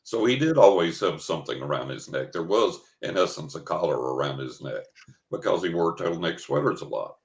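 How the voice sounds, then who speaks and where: A man's voice: sits low, very animated, brisk, vocal fry. An older man, a psychic guest in an interview, telling an anecdote casually and acting out the quoted dialogue. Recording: roomy echo.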